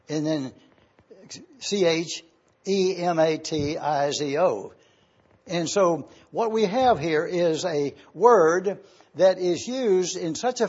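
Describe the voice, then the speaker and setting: A man preaching an expository sermon, slowly spelling out Greek words letter by letter as he teaches. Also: on the high side, darkish tone, breathy edge, highs cut off.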